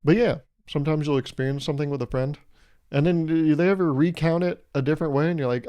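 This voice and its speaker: A man's voice: on the high side, steady tone, quick pace, warm tone. A young man hosting his own podcast, rambling through a casual comedic monologue and slipping into playful mock voices. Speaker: podcast host.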